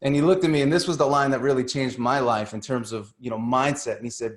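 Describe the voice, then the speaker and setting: A man's voice: mid-range voice, fairly even intonation, fast talker, roomy sound. A man, a guest coach, telling a story on a call in an earnest way, often repeating words as he starts a thought.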